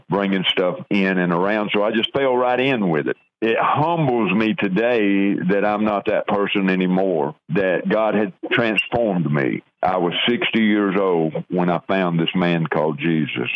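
Older man telling his story slowly. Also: low voice, slight background noise. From Southern United States. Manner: slow, earnest storytelling with halting restarts. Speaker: guest sharing testimony. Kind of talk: personal testimony in an interview. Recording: dull lo-fi radio audio.

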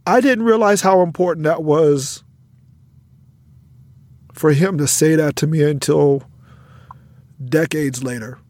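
A man's voice: fairly high pitch, slow pace, pauses often, darkish tone, dry recording. A middle-aged man hosting a podcast, telling a personal story in an earnest, reflective way that turns emotional. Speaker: podcast host, educator.

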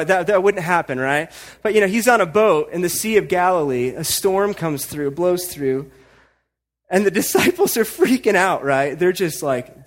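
A man's voice: on the high side, expressive, normal speed. A man preaching a sermon in a conversational way, at times building to emphatic urging. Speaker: pastor.

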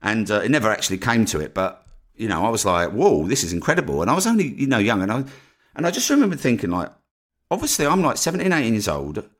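A man's voice: on the low side, fast. A man hosting a podcast, telling a story in a chatty way and often checking in with the listener. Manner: animated, chatty, keeps asking "right?". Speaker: podcast host.

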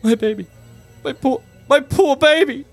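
Guy doing a shrill frantic lady, screeching way up high. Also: measured pace, faint music behind. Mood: tearful. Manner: shrill, screaming. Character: frantic grieving woman shouting at the circus.

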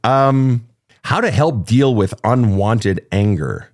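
A man's voice: mid-range voice, slow. A man hosting a live advice talk show, answering listener questions in a blunt, profane and emphatic way. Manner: animated, acting out emotional outbursts. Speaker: podcast host.

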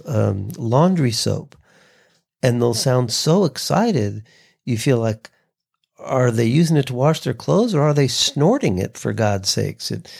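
A man hosting a podcast, teaching voice delivery in a relaxed conversational way and acting out short sample reads. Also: medium pitch, vocal fry, slightly rough. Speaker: voice coach and podcast host. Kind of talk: casual instructional talk.

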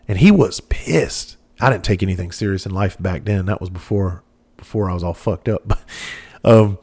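A man's voice: fairly low pitch, expressive, normal speed, a little mellow. A man, a former police officer telling rambling, profane stories with lots of fillers. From southern United States. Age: 40s. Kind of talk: casual storytelling monologue.

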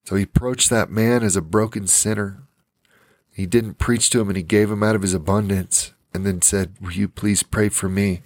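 A man's voice: on the low side, steady tone, normal speed, no room sound. Emotional man teaching the Bible. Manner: passionate, repeats phrases for emphasis. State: teary, emotional. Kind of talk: informal Bible study sermon.

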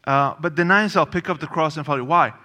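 A preacher delivers a sermon at a quick pace, his bright, forceful voice sitting a little high for a man. He's conversational yet punchy, repeating phrases and dropping in frequent casual asides, and a long reverb trails his voice as if he's in a large hall.

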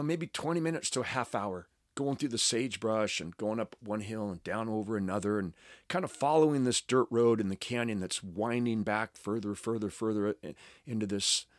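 Man, lower voice, middle-aged, amused storyteller, acts out dialogue, dry close panel mic. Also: no room sound. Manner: animated, self-amused storyteller acting out dialogue. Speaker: actor telling a story at a fan panel. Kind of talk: anecdotal storytelling to a live audience. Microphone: panel microphone.

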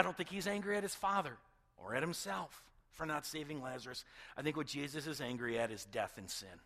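A man's voice: fairly high pitch, fairly quick, pushed and bright. A male pastor preaching a sermon with passion, often repeating words and dropping to a near-whisper at emotional points.

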